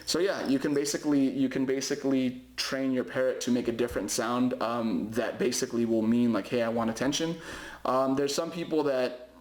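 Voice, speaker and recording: A young man talks through parrot-care advice in a relaxed, rambling way, stopping often for fillers and restarts. His voice sits at an ordinary middle pitch. The room around him is echoey. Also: fairly quick. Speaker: parrot owner giving care tips. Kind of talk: casual advice vlog. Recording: roomy echoey home recording.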